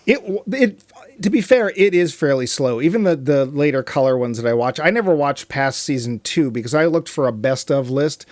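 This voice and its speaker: A man co-hosting a movie podcast, talking in a casual, rambling way with quick asides. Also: medium pitch, animated, darkish tone, no echo. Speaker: podcast co-host.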